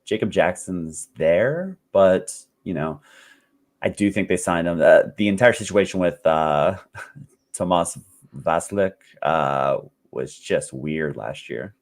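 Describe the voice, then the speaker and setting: A man with a very low voice, talking as a guest expert on a podcast. He speaks in an easygoing way and sprinkles in plenty of "uh" fillers. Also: lively intonation, slow. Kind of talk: casual chat.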